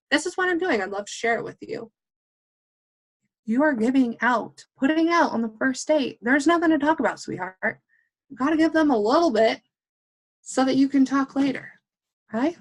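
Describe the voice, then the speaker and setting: A young woman giving a blunt, fast and animated motivational talk as a guest speaker on a team call, swearing casually. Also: high voice.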